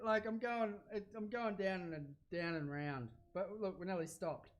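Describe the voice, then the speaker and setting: Chatty Australian chef, voice pitched a bit high. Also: male voice, moderate pace, few pauses. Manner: rambling and chatty, easily excited, gets loud. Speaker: chef hosting a cooking livestream. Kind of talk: casual cooking chat livestream.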